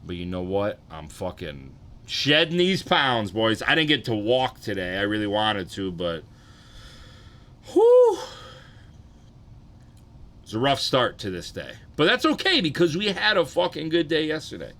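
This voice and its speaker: Bright-voiced, profane male streamer. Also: very animated, normal speed. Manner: rambling, profane, low-key. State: tired, low energy. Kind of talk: casual live-stream chat.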